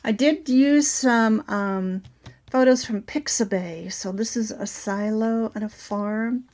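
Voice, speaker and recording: A middle-aged woman with a raspy voice from a sore throat, chatting casually through her craft project with many fillers. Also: fairly high pitch, takes it slowly, darkish tone. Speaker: crafting channel host. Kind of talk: casual show-and-tell craft video.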